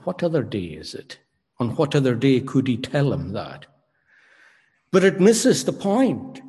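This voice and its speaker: A man preaching a sermon, emphatic and rhetorical, pausing dramatically and questioning his listeners. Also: medium pitch, a little mellow. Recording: long hall reverb.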